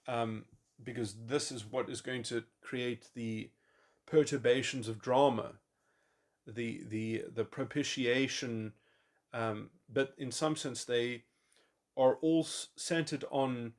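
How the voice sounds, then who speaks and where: A man thinking aloud in a long speculative monologue, halting often and restarting his sentences. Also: medium pitch. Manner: musing, halting, with many restarts and fillers. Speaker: podcast host. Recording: voice memo.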